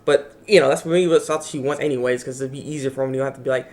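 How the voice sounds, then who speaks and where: Fast-talking man recapping an anime. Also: mid-range voice. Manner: rambling, animated, acts out characters' lines. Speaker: anime reviewer. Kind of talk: casual episode recap.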